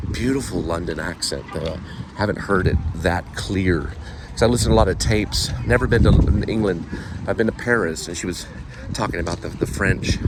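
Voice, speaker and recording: A man talks in a loose, rambling vlog, his voice sitting fairly low. Loud traffic and street noise run under him. He drifts from one thought to the next in a chatty way. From Texas. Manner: chatty, rambling, imitates accents. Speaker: vlogger and delivery driver. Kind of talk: casual vlog chat. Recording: noisy outdoor phone recording.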